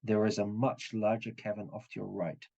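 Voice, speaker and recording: A man running a tabletop game as game master, describing scenes in a halting, restarting way. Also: lowish voice, level tone, vocal fry, mellow, husky, lo-fi sound.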